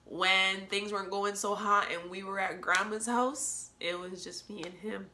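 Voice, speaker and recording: A woman's voice: medium pitch, steady tone, unhurried, pushed and bright, slight background noise. A young woman hosting a solo podcast, talking candidly and emotionally, laughing often and lecturing her listeners. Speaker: podcast host.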